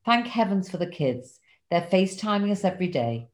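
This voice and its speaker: A woman's voice: medium pitch, big pitch swings, a little fast. An older woman, reading her diary entries and chatting, wry, self-mocking and candid. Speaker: guest recounting a diary.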